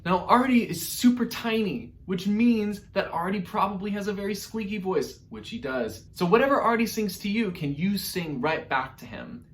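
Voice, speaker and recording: A man's voice: high-pitched, animated, normal speed, few pauses, reverberant. A man teaching an online music lesson to young children in an upbeat, encouraging way, speaking directly to his class.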